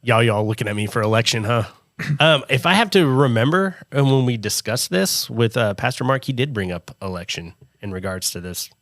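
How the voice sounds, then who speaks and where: A man co-hosting a casual Bible discussion podcast, laid-back and quick with a joking aside. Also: mid-range voice, animated, a bit bright, no room sound, studio quality.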